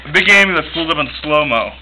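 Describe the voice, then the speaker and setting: A man's voice: a little high, animated, racing, very noisy. A teenage boy animatedly telling a story about a car wreck, laughing and acting out the voices in his tale. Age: teens. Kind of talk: casual anecdote.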